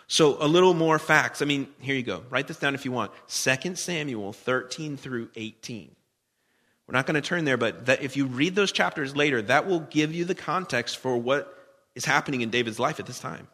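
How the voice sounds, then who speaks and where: A man's voice: medium pitch, pushed and bright, long reverb tail. A man preaching a sermon, talking conversationally and putting questions to the congregation. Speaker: pastor.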